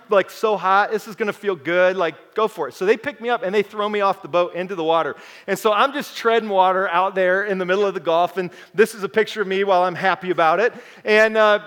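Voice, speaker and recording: A young adult male pastor preaching a sermon, telling a personal story with animated energy before turning soft and earnest. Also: high-pitched.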